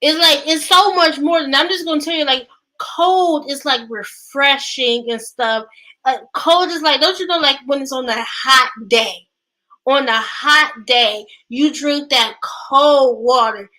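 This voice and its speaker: A woman's voice: sits high, measured pace, bright, forceful tone. A woman hosting a Bible study, reading scripture aloud and chatting casually about it, stumbling and restarting over words. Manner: chatty, exclaims to live viewers.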